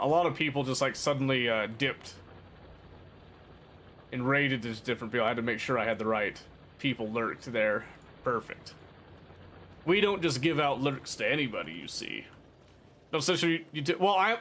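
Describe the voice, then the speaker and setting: A man's voice: medium pitch, lively intonation, moderate pace, long pauses, a bit bright, a little hiss or hum. A man streaming a game, chatting casually with his viewers in a playful, teasing and mock-dramatic way. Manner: rambling, talks to chat. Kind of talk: casual live-stream chat while gaming.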